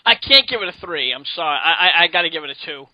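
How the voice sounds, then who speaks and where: A man's voice: a little high, animated, quick pace, dry recording, muffled recording. A man co-hosting a casual wrestling review chat, earnest and stammering through his opinions. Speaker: co-host.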